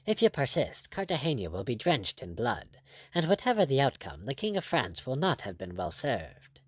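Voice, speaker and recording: Bold, ironic buccaneer captain, blunt and firm; read by a male narrator. Animated, dry recording. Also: medium pitch, normal speed, no echo.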